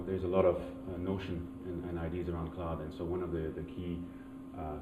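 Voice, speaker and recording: Very deep fast-talking man in a conference hall. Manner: fast, fluent business talk with restarts. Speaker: guest, engineering executive. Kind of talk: conference fireside chat. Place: conference stage. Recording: roomy hall on a tinny, noisy line.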